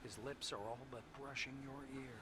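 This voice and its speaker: A man as a steady game narrator. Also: medium pitch, moderate pace, noisy background, lightly acted. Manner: even, descriptive, third-person. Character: calm male game narrator. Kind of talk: scripted narration.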